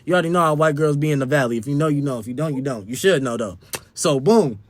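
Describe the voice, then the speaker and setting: A man's voice: on the high side, animated, fast talker. A young man telling a wild party story in a casual, slangy and profane way. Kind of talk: storytime vlog.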